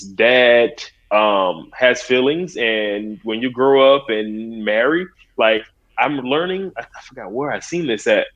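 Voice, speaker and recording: A man's voice: medium pitch, fairly bright tone. A man in his thirties, a podcast guest, talking in an earnest, rambling way with lots of "like". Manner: earnest, rambling, frequent "like" and "so it's like". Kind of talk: casual conversation. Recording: dull lo-fi sound.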